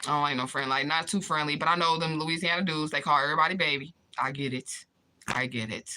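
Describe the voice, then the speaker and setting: A woman's voice: sits low, steady tone, fast, bright, forceful tone. A woman talking casually on a livestream, reading viewers' comments aloud and answering them with candid, profane remarks and frequent laughter.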